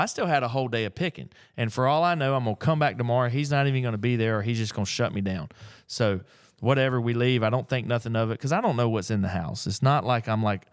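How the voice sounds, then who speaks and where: A middle-aged man, telling a story in a casual, folksy, animated way as an antiques picker. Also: medium pitch, no echo, studio quality. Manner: animated, folksy, acts out the people in his stories. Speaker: antiques picker and auction dealer. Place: auction gallery.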